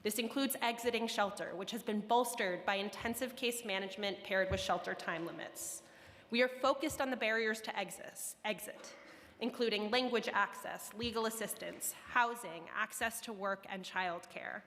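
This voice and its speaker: A woman city official giving formal testimony at a council hearing, in a measured delivery of prepared remarks and figures. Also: medium pitch, fairly bright tone. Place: council chamber. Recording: long chamber reverb.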